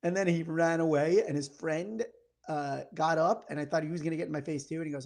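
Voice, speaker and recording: A man in his thirties co-hosting a podcast in casual chat, telling a story in a lively way and acting out the lines of the people in it. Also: fairly high pitch, brisk, gravelly. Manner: animated storyteller acting out quoted exchanges. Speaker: podcast co-host.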